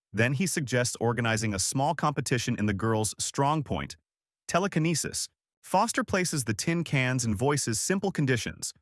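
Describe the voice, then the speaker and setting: A man narrating a comic story recap in a steady, scripted present-tense summary. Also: medium pitch, dry recording, clean studio sound.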